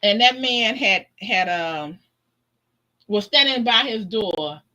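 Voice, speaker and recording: Woman guest, casual storyteller, very lively up-and-down voice, laughs a lot. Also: mid-range voice, slow, poor audio. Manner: animated, laughs often, acts out voices in her stories. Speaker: guest on a live stream.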